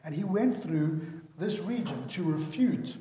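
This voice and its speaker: A male pastor delivers an emphatic sermon, pausing to ask his congregation questions. His voice sits a bit high. The sound rings with the long reverb of a large church hall. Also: expressive, dark tone.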